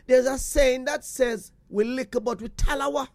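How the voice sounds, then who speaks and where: A man with a Jamaican accent, telling a personal story to his viewers in an animated way, slipping into patois and repeating phrases. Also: very high-pitched, moderate pace, dry recording.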